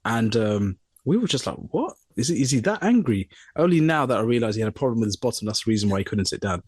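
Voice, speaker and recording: Here a young man co-hosting a podcast speaks quickly at a medium pitch, with no echo and studio quality. He tells a funny work tale in lively fashion, impersonating the people he quotes.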